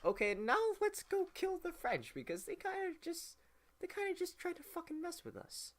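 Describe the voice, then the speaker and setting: A shrill, cursing mob of early Americans put on by a man, pitched way up, lively. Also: normal speed. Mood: riled up. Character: riled-up crowd of early Americans, shrill and eager for war.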